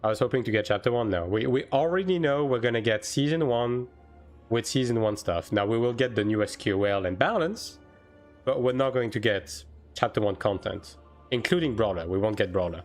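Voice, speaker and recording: A man chatting casually on a live game stream, answering chat with lots of fillers and quick bursts. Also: mid-range voice, faint music behind.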